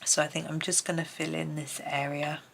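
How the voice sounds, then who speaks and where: A British woman chatting softly as she talks through her colouring, sometimes trailing off into murmured asides. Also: low voice, flat delivery, fairly quick, gravelly, slight background noise, poor audio. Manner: chatty, soft-spoken, drifts into murmured asides. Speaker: colouring video creator. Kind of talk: casual narration while colouring.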